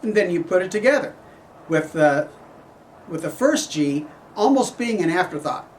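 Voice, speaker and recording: A middle-aged man teaching a horn clinic, explaining phrasing in a measured way and singing passages on syllables. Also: sits high, sing-song, distant mic, a little hiss or hum. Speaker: horn professor giving a clinic. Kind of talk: instructional clinic talk.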